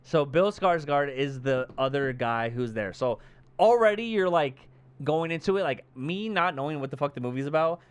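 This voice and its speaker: A man's voice: on the high side, normal speed, smooth, no echo. A man co-hosting a podcast, casually retelling a movie plot and acting out the characters' lines. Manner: animated storyteller acting out characters, heavy cursing. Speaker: podcast co-host.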